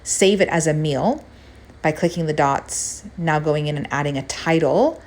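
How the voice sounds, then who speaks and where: A woman's voice: low voice, unhurried, a little mellow. A woman fitness coach chatting casually through a recipe and a meal-logging demo, upbeat and gushing. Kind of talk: casual recipe vlog chat.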